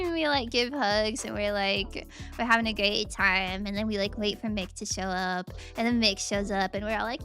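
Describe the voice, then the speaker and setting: A young woman streamer telling a rambling, animated travel story with frequent giggles and restarts. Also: mid-range voice, moderate pace, faint music behind. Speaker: VTuber streamer. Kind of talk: casual storytelling recap.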